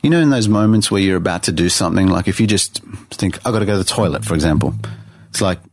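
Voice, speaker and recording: A man's voice: sits low, expressive, fast, no room sound, clean studio sound. A man telling his life story as a guest on a podcast interview, earnest and full of restarts. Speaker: guest artist. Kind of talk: personal testimony in a podcast interview.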